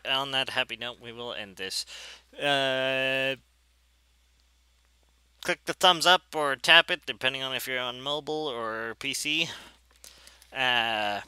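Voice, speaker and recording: A man chatting casually over his gameplay, rambling and easily excited. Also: medium pitch, a little slow, clean tone, no echo, poor audio. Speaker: gameplay video creator.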